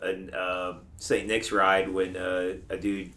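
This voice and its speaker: A man on a casual podcast, dropping quick agreements and dry jokes. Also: low-pitched, monotone, pushed and bright, reverberant, slight background noise. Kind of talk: casual chat.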